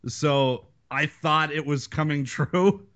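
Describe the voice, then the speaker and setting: A man's voice: on the high side, slow, fairly bright tone, lo-fi sound. A man in a casual chat, telling a nostalgic story with animation.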